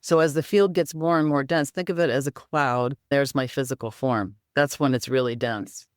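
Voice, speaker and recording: Woman guest walking you through breathing and tapping, smooth clear voice, dry sound. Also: a bass voice, steady tone, normal speed, no echo. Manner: explanatory, teaching step by step. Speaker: guest, energy healing practitioner. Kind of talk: interview conversation.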